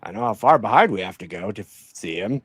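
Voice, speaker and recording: Male player, halting and unsure, dry close mic. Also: fairly low pitch, animated, slightly rough, no echo. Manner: hesitant, halting. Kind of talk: tabletop game chat.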